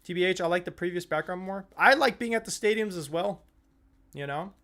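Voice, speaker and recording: A man's voice: high voice, a little fast. A young man hosting a live football watch-along stream, chatting casually, swearing freely and getting worked up over the play. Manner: excitable, swears freely, shouts and laughs at goals.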